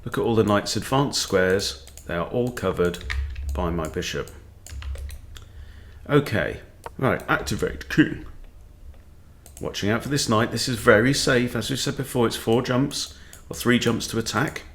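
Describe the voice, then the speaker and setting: A man's voice: fairly low pitch, unhurried. A man who coaches chess, thinking aloud and muttering his moves as he plays a live game at his computer.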